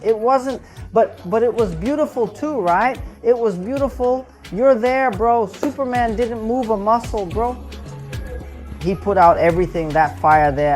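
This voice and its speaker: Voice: medium pitch, darkish tone. A show reviewer giving a casual, rambling recap of an episode, often adding "right?" and "bro".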